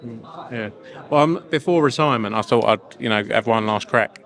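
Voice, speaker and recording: A man's voice: mid-range voice, moderate pace, fairly bright tone. A man in his thirties who works in boxing promotion, chatting in an easygoing, self-deprecating way. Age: 30s. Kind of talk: casual interview chat.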